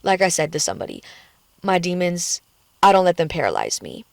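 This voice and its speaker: A woman's voice: lowish voice, sing-song, fairly quick, creaky, darkish tone, no room sound, clean studio sound. A woman in a candid personal vlog, talking frankly and emotionally and swearing freely, recorded on a phone in a car. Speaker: vlogger. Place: in a car at the beach.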